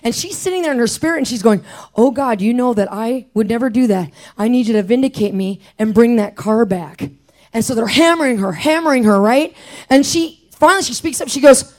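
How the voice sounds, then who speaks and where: Lively woman preaching through a story. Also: a little high, fairly quick. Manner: animated, acts out quoted voices; casual, slangy. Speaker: speaker. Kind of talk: storytelling sermon.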